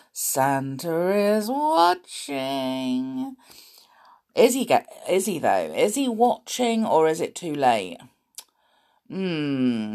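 Croaky woman host with a sore throat. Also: mid-range voice. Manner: playful, animated, with gasps and little laughs. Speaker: storytelling show host. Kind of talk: chatty talk to young listeners.

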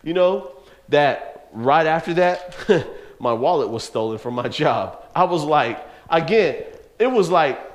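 A man preaching a youth sermon, telling a story with lively, laughing energy and talking straight to the young listeners. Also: on the high side, measured pace. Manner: animated storytelling, laughs often, addresses listeners as bro. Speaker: youth pastor.

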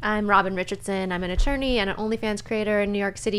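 Podcast co-host, woman; smooth, clear voice; chatty, easygoing delivery. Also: medium pitch, fairly even intonation, quick pace. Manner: chatty, laughs easily, frequent "like" fillers. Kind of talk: casual chat.

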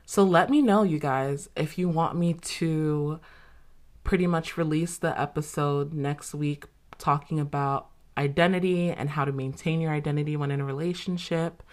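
A woman's voice: low-pitched, steady tone, normal speed, a little mellow. A young woman hosting a podcast, telling a personal story in a candid, casual way with plenty of swearing and fillers. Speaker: podcast host.

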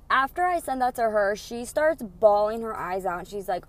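A young woman hosting a podcast, telling a story in a casual, excitable way, full of fillers and swearing. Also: mid-range voice, a little fast, hardly any pauses. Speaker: podcast host.

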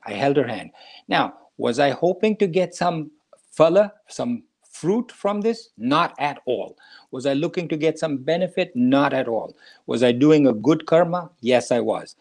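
An older man in his seventies, a doctor hosting a talk show, with a voice of ordinary pitch. He tells a personal story step by step at an easy pace and stops now and then to ask himself questions and answer them. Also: expressive, vocal fry, darkish tone. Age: 70s. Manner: unhurried anecdotal storytelling with rhetorical questions. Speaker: podcast host, doctor.

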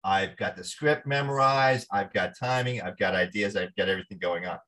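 Animated New man telling stories. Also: deep voice, moderate pace. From New Jersey. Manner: animated storyteller, acts out quoted voices. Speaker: actor guest. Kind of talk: storytelling interview.

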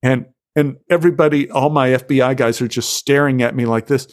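A man's voice: medium pitch, moderate pace. American guy, middle-aged, yarning on a podcast, jumps into silly voices for quotes. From United States. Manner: animated storyteller acting out voices in quotes. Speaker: actor guest. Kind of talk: storytelling interview.

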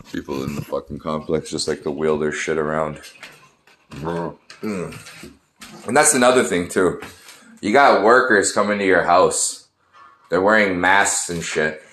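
Sarcastic and profane, a man in his thirties rambles through a casual rant with a low-pitched, fairly bright voice. The audio comes from an echoey room in an apartment complex.

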